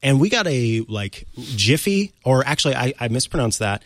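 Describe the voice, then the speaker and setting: A man's voice: mid-range voice, animated, a little fast, a bit bright, dry recording. A young man with a mid-range voice explains apps in a casual tech show, friendly and laughing easily. His voice is dry and close to the mic. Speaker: podcast co-host.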